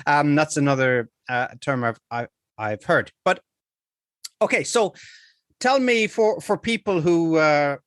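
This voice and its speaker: A man's voice: fairly high pitch, lively intonation, a little slow, fairly bright tone, no room sound, studio quality. A man hosting a podcast, asking rambling, chatty questions full of fillers. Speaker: podcast host. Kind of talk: conversational interview.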